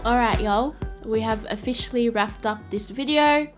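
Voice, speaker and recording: Young Aussie woman, slightly high voice, blunt and giggly fitness vlogger narrating her workout. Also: moderate pace, soft background music. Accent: Australian. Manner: blunt, laughing, casual. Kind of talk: voice-over workout commentary.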